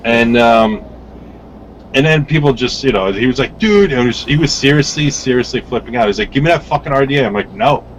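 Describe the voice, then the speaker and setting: A man telling a story in casual chat, animated and profane, acting out the quoted lines of other people. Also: mid-range voice, a little fast, highs cut off, a little hiss or hum. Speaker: vape reviewer guest.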